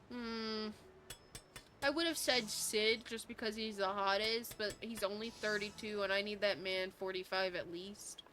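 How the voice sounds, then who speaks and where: A woman's voice: mid-range voice, fairly bright tone, slight background noise. Irreverent, foul-mouthed young woman streamer. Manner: irreverent, swears freely, mock-reads game dialogue. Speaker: game streamer. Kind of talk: casual gameplay commentary.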